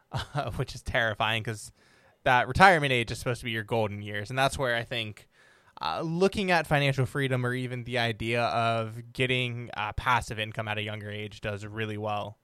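A man's voice: mid-range voice, normal speed, bright, forceful tone, clear, resonant tone, no echo, studio quality. A young adult man hosting a casual interview, chatty and loose with frequent ums and restarts. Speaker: podcast host.

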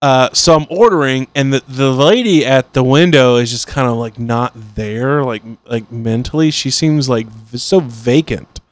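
A man's voice: mid-range voice, unhurried, few pauses, no room sound. A man hosting a podcast, chatting casually in a rambling way with many fillers and restarts. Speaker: podcast host. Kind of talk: casual chat.

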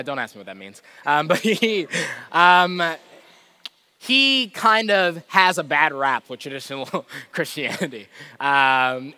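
A man preaching a casual, earnest sermon, moving between forceful emphasis and quiet, self-deprecating asides. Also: on the high side, no echo. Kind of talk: conversational sermon.

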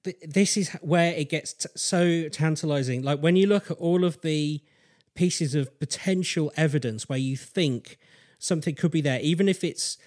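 A man, hosting a casual podcast chat and telling a strange story in a halting way, full of fillers and restarts. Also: a little high, a little mellow. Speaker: podcast host.

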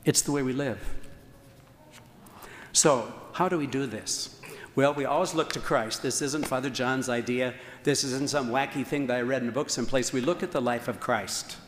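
A man's voice: medium pitch, normal speed, slight background noise. Earnest male priest preaching in an echoey church. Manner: earnest preaching, emphatic repetition, occasional fillers. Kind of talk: sermon. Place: large church. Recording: echoey church hall, faint ambience.

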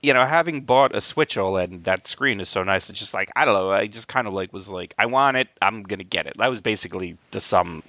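A man's voice: fairly low pitch, fast talker, few pauses, pushed and bright, no echo. A man co-hosting a casual podcast chat, rambling with many restarts and the odd swear word. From Albany, New York area. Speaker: podcast co-host.

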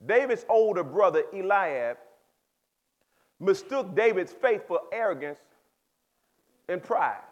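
A man with a very high voice preaches to a youth group. He leans into casual speech and calls out listeners by name. He swings from loud exhortation to quiet, plain explanation. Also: expressive, slow pace, pauses often, highs cut off. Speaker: pastor. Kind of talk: sermon to youth.

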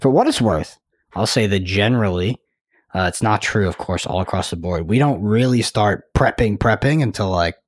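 A man co-hosting a casual podcast, relaxed and rambling. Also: fairly low pitch, moderate pace, no room sound. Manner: relaxed, rambling, laughs easily. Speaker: podcast co-host.

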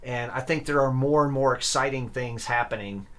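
Man, young adult, interview guest, earnest, enthusiastic, middle pitch. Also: normal speed, fairly bright tone. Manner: earnest, enthusiastic, with fillers and restarts. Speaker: guest, electric violinist and grad student. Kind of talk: casual interview talk.

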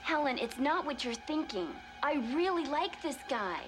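An actress playing a cheerful, oblivious young roommate in a TV clip with music behind. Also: female voice, high voice, lively intonation, moderate pace. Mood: pleading. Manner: bubbly, oblivious. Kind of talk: TV drama acting.

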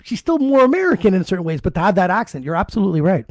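A man's voice: sits high, very animated, very fast, no echo. Laid-back man hosting, dry close sound. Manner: easygoing, chatty, goes off on tangents. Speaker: podcast host. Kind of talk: casual interview chat.

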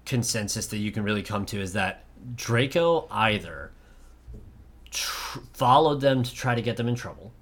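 A man chatting casually on a podcast, with pitch that swings widely as he recaps scenes. He swears freely and acts out the characters' lines while he argues his points. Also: normal speed. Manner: profane, animated retelling with acted-out quotes. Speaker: podcast co-host. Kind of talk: casual film discussion.

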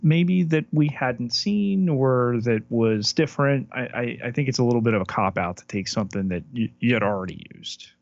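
A man's voice: medium pitch, lively intonation, normal speed, creaky, few pauses, no echo, muffled recording. A man co-hosting a podcast, talking through a film in a hesitant way, often repeating words as he thinks aloud. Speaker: podcast co-host. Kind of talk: casual film discussion.

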